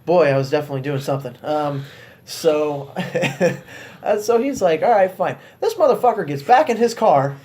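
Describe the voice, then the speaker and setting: A young man co-hosting a podcast, telling a story in casual chat, animated and swearing often, laughing as he goes. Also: a little high, normal speed. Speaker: podcast co-host.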